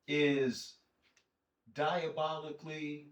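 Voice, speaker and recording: A man's voice: a little high, little pitch movement, extremely slow, far from the mic, lo-fi sound. A man hosting a casual chat, joking and teasing his guest as he asks questions. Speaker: comedian and podcast host. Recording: echoey room, voice from off-mic.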